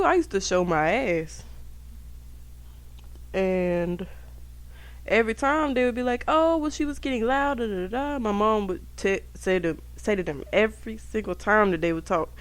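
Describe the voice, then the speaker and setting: A woman's voice: mid-range voice, normal speed, clean tone, no room sound. Brief: young woman podcast host, casual storytelling, swears freely, dry close sound. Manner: profane, animated, talks straight to listeners. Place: indoors at home.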